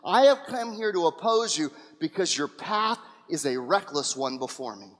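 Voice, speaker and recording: A preacher voicing a stern male angel who speaks gravely and slowly, recorded with a long church reverb. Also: a little high, animated, fairly bright tone, pitched below the performer's own voice. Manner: grave, measured.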